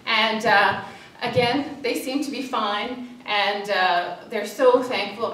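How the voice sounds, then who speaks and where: A woman's voice: mid-range voice, unhurried, hardly any pauses, fairly bright tone. Social worker, woman, hesitant storyteller speaking from a distance in a big echoey hall with faint room noise. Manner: storytelling, acts out cries for help; hesitant, many fillers. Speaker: social worker giving a talk. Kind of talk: public talk with slides. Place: church hall.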